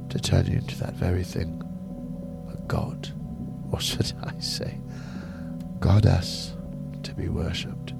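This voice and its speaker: A man voicing a seductive male devil who flatters and coaxes in hushed tones, in whispered role-play. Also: deep voice, creaky, full character voice.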